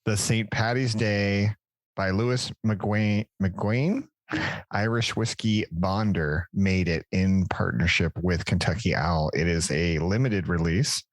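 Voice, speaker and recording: Deep-voiced man, dry recording. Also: takes it slowly, no echo. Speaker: podcast co-host. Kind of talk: casual chat.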